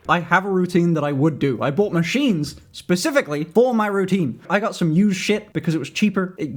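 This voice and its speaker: A young man with a British accent and a fairly high voice talks casually to his stream. He is frank and self-mocking, and he often trails off and restarts his sentences. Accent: British English. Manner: candid, self-deprecating, rambling with restarts. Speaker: livestreamer. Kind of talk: casual livestream chat.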